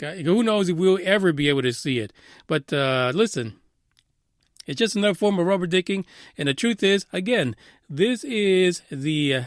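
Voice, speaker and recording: A man's voice: fairly high pitch, no echo. Ranting sarcastic man, dry close mic. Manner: frequent "uh" fillers. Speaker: radio news show host. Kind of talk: casual commentary.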